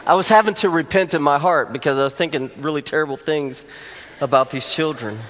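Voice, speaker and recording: A man, a pastor, telling a humorous personal story during a sermon, animated at the funny moments. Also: on the high side, brisk, some chatter behind, a little hiss or hum. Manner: storytelling, rising to animated exclamations for comic effect. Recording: long hall reverb.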